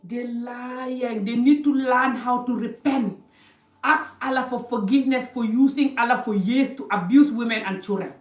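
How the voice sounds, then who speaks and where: A woman talks straight to the viewer in a scolding, emphatic lecture. Her voice sits a little high. She is recorded from some distance in a room with a noticeable echo. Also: normal speed. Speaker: vlogger giving advice. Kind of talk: direct-to-camera lecture. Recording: roomy, distant from mic.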